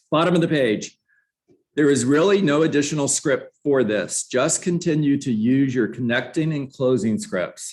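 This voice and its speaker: A man coaching real estate agents in a live online class, talking energetically and conversationally and putting questions to his students. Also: mid-range voice. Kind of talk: live online training session.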